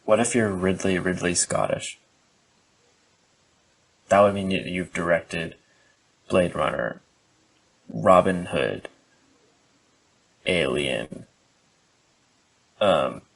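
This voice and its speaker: A man co-hosting a podcast in casual, rambling chat, joking and filling pauses with "like" and "um". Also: deep voice, vocal fry, slightly rough, low-quality recording. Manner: rambling, jokey, many fillers. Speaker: podcast co-host.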